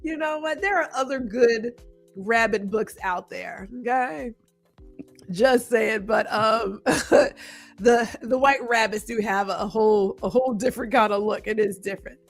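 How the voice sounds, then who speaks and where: A woman hosting a podcast, talking in a chatty, animated way and reading out viewer comments. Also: fairly high pitch, unhurried, creaky, faint music behind. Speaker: podcast host. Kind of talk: casual interview chat.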